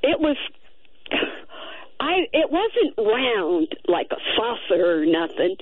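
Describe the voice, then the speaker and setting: A woman calling in to a radio show, telling a story with excited, lively delivery. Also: fairly high pitch, takes it slowly, no room sound. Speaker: caller. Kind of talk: call-in radio chat. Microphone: telephone. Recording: tinny phone line.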